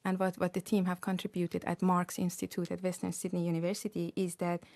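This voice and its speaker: Woman guest expert, lowish voice, patient explainer, close dry mic. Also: completely flat delivery, darkish tone, no echo. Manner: explanatory, measured, careful. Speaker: researcher guest. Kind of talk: radio interview.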